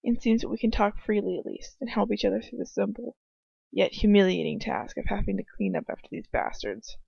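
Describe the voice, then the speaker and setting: A woman's voice: medium pitch, fairly quick, creaky, a little mellow, slightly rough, no echo. A woman reading a fan fiction story aloud in the first person, stopping now and then to comment, in a dull, dry home recording. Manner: breaks off to laugh and comment on the text. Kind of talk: reading aloud with casual asides.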